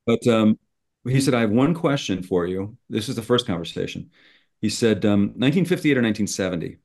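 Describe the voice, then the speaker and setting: A man's voice: fairly low pitch, lively intonation, a little fast, darkish tone. A middle-aged man, a screenwriter, telling a story in conversation and acting out both sides of old phone calls. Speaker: screenwriter guest.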